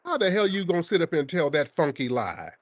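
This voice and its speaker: A man's voice: on the high side, big pitch swings, a little fast, no room sound. Combative man hosting a call-in. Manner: combative, mocking, repeats questions. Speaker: podcast host taking calls. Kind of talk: heated call-in argument.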